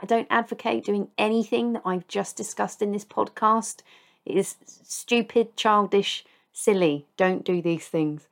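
A woman's voice: mid-range voice, unhurried. A middle-aged woman hosting a podcast, confessing old misadventures in a casual, self-mocking way and laughing at her own stories. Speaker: podcast host.

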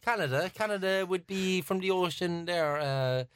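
A man's voice: high-pitched, moderate pace, a bit bright, clean tone, dry recording. A man playing a quiz contestant, fumbling for words, laughing often and rambling off track. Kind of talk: casual banter among friends.

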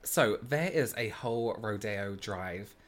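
A man's voice: fairly low pitch, lively intonation, slow pace. Gushing chatty man. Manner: gushing, chatty, laughs often. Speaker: podcast co-host. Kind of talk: casual chat.

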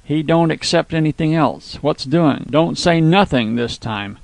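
A man's voice: a little high, a little slow, gravelly, no room sound. A man voicing a scheming, drunken American consul who blusters and threatens. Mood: blustering. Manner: blustering, angry.

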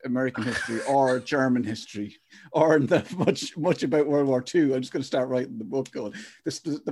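A man's voice: mid-range voice, fairly quick, a little mellow, a little hiss or hum. An Irish man hosting a podcast, rambling and wondering aloud in casual chat with jokes. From Ireland. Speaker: podcast host.

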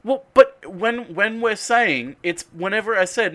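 Argumentative man with a lively, fairly high voice. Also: a little slow. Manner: argumentative, insistent, swearing. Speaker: podcast co-host. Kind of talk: casual podcast chat.

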